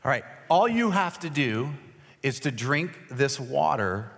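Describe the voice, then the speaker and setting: A man's voice: mid-range voice, sing-song, measured pace, gravelly, a bit bright. A man preaching in a large hall, his voice trailing off into a long reverb. He talks in a casual, joking way and makes fun of himself while bringing volunteers up front. His voice is a little cracked. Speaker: pastor. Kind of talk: sermon with a live object lesson.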